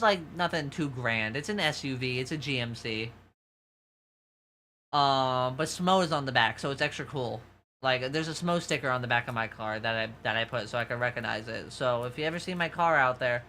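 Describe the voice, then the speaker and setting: A man with a soft, feminine-sounding voice and a New York accent, telling rambling, profane stories to his livestream chat. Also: medium pitch, a little hiss or hum. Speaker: VTuber streamer.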